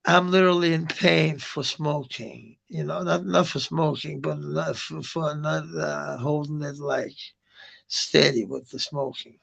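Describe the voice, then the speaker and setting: A man's voice: on the high side, steady tone, a little slow, creaky, fairly bright tone. A man, rambling in a casual live chat with viewers, swearing often and laughing at comments. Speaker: livestreamer. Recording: muffled lo-fi stream audio.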